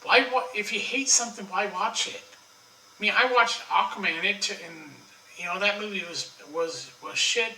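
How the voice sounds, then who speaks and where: A man's voice: high voice, normal speed, pushed and bright, roomy sound, far from the mic, rough recording. A man ranting in a casual monologue, blunt and profane, full of strong opinions and frequent restarts. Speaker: online commentator.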